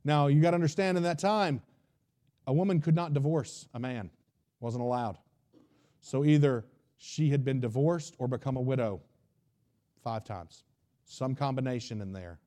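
Male preacher, casual storytelling sermon, warm dark tone. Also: mid-range voice, moderate pace, pauses often. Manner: retells the story in a folksy, conversational way and acts out its dialogue.

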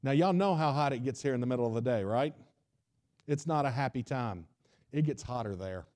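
Folksy preacher, mellow voice. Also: male voice, mid-range voice, lively intonation, brisk. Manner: retells the story in a folksy, conversational way and acts out its dialogue. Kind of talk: sermon.

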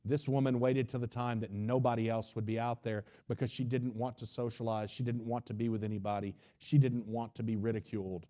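Male preacher, casual storytelling sermon, warm dark tone. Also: medium pitch, little pitch movement, a little fast, hardly any pauses. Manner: retells the story in a folksy, conversational way and acts out its dialogue.

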